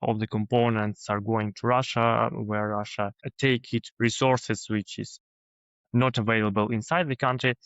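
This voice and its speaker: A man, a guest policy expert who explains things in a measured way with pauses. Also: fairly low pitch, level tone, a bit bright, clear, resonant tone, no echo, dull audio. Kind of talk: interview answers.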